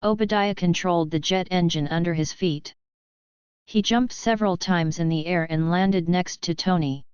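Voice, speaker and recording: Smooth, low-voiced woman audiobook narrator. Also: moderate pace, a little mellow, no echo. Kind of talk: scripted narration.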